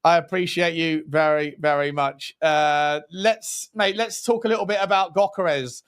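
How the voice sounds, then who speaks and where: A man co-hosting a football talk livestream, chatty and upbeat, with blunt opinions and quick shout-outs to viewers. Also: a little high, steady tone, clean tone. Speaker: co-host.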